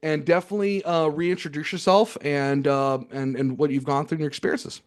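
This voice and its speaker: A man's voice: a little high, steady tone, a little fast. A man hosting a podcast, talking in a loose, casual way with lots of fillers and repeated words. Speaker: podcast host. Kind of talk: casual chat.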